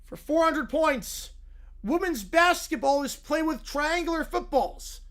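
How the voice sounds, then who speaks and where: A man's voice: extremely high pitch, lively intonation, a little slow, fairly bright tone, voice pushed up, exaggerated voice. A man reading a fan script aloud in the delivery of a male game-show host. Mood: announcing. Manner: announcer-style delivery.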